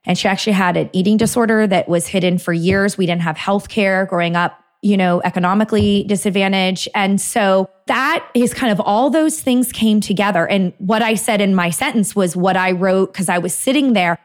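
A woman's voice: medium pitch, normal speed, hardly any pauses. A middle-aged woman, a dietitian and author, telling a personal story in a casual conversation, often laughing and acting out her own past thoughts. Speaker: dietitian and author, interview guest.

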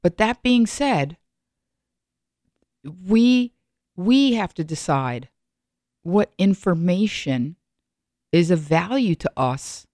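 A woman's voice: fairly low pitch, expressive, slow, long pauses, darkish tone, dry recording, studio quality. A middle-aged woman giving a reflective solo monologue, rambling with frequent restarts and asides.

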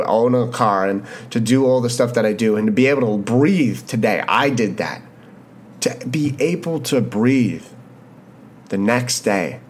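A young man in his early twenties from Canada hosts a solo motivational podcast. He speaks with urgent, heartfelt intensity, circling back on his own phrases for emphasis and dropping casual swears along the way. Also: mid-range voice. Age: 20s. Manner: impassioned, repetitive, swears casually. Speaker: podcast host. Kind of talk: motivational monologue.

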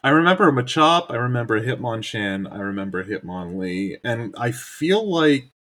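A man co-hosting a casual podcast, talking in an easygoing, rambling way. He laughs often between thoughts. His voice sits at an ordinary middle pitch. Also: big pitch swings, normal speed, fairly bright tone. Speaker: podcast co-host. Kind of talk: casual chat.

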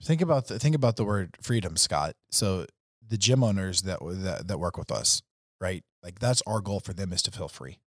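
A man co-hosting a podcast, making a punchy, persuasive case with a husky voice. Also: low-pitched, lively intonation, normal speed, no room sound, clean studio sound. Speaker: podcast co-host, coach. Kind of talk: casual podcast chat.

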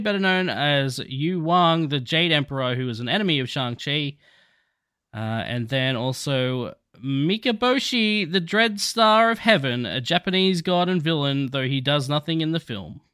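Bright-voiced man, dry close mic. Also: a little high, clear, resonant tone, dry recording. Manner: reads plot summary and trivia, then chats with laughs. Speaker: podcast co-host. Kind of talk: casual movie podcast chat.

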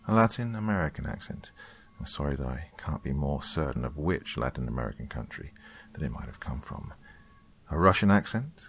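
Deep-voiced man narrating a dark tale. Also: vocal fry, slightly rough. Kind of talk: scripted horror story narration.

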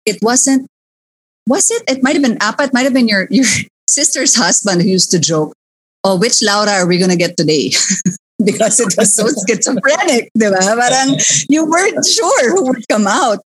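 A Filipino woman hosting a podcast discussion, talking in a lively way and dropping Filipino words into her English. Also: a little high, moderate pace, husky, no echo. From Philippines. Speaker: podcast host. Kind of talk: casual discussion.

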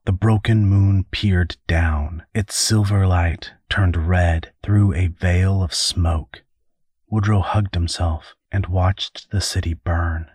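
A man narrating an audiobook in a steady storytelling manner. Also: deep voice, slightly rough, no room sound, clean studio sound. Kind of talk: scripted narration.

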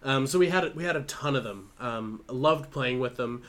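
A man's voice: mid-range voice, animated, normal speed, fairly bright tone. A man in his thirties co-hosting a podcast, a few drinks in and talking loosely. He swears freely and fills his sentences with ums and asides. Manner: loose and profane, rambling with fillers. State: slightly tipsy. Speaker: podcast co-host. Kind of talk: casual chat.

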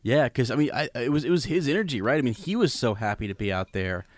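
A man hosting a casual podcast interview, halting and repeating words with many fillers. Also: medium pitch, lively intonation, dry recording.

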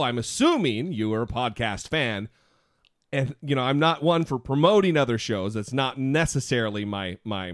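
A man co-hosting a casual podcast, with a lively, swinging delivery and quick asides. He pokes fun at himself as he talks. The recording is dry and close, with no room sound. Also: mid-range voice, no echo. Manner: animated, self-mocking, quick asides. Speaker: podcast co-host.

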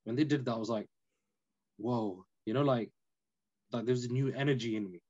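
A man, a podcast guest telling his story in an animated, emphatic casual way. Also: mid-range voice, a little fast, highs cut off. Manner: animated, emphatic, peppered with "innit" and "you know".

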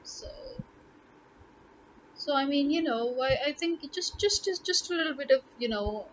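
A woman's voice: high-pitched, expressive, normal speed, lo-fi sound, background noise. A woman language tutor talking casually to camera in an emphatic way, repeating words to drive her points home.

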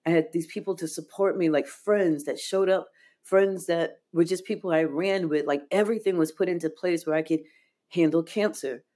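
Earnest woman guest, low voice, heartfelt storytelling with lots of "like". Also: steady tone, normal speed, dark tone. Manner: earnest, heartfelt, frequent "like" fillers. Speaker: podcast guest. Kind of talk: emotional personal storytelling.

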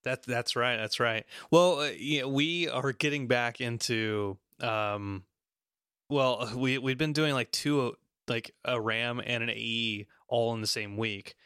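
A man's voice: medium pitch, unhurried, sharp tone, clean tone, no room sound, studio quality. A man co-hosting a casual podcast, laid-back and hesitant, laughing between words. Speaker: podcast co-host.

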